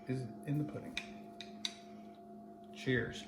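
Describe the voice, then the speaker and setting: A man's voice: mid-range voice, moderate pace, reverberant, over music. A man hosting a casual home cooking demo, chatty and playful as he talks to viewers. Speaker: cooking channel host. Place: home kitchen.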